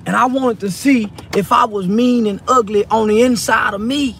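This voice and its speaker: Teary man, very high strained voice. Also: normal speed, gravelly, fairly bright tone. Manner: tearful, repetitive, preachy. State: teary, choked up. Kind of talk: emotional address to a viral video subject. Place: in a car. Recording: car and street noise behind. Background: traffic and outdoor ambience.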